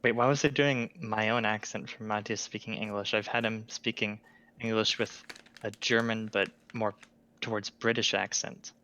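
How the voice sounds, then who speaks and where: A man chatting casually as a player in a tabletop game, relaxed and a bit hesitant. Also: lowish voice, normal speed.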